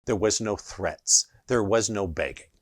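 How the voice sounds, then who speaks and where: Emphatic man teaching in a dry, low voice. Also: measured pace, slightly rough, no echo. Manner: emphatic, keeps asking rhetorical "right?". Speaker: energy healing teacher. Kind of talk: instructional video monologue.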